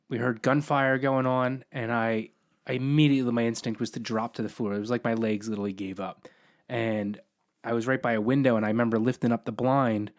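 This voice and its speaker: A man on a casual podcast who tells a vivid personal story in a blunt, animated way. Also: medium pitch. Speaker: podcast host.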